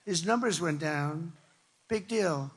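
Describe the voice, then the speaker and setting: A man's voice: fairly high pitch, slow, slightly rough. An older man from the New York area giving a campaign rally speech to a crowd in a large hall. He talks in a rambling, conversational way, repeating himself for emphasis. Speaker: political speaker. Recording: long reverb of a big hall.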